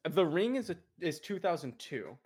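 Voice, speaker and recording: Playful young man, lively high voice. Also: husky. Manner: playful, teasing, quick to laugh. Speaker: podcast co-host. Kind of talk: casual chat.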